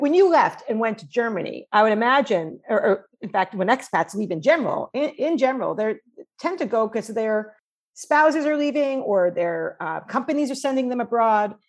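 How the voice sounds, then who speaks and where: Chatty, husky-voiced woman psychologist. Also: fairly high pitch. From New York. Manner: animated, chatty storytelling with fillers. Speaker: cross-cultural psychologist guest. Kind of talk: conversational interview.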